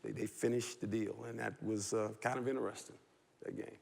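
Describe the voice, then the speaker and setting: A man, a football coach, telling a lively story on a talk show and laughing as he goes. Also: on the low side, a little fast, creaky. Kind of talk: animated anecdote on a TV talk show. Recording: long hall reverb.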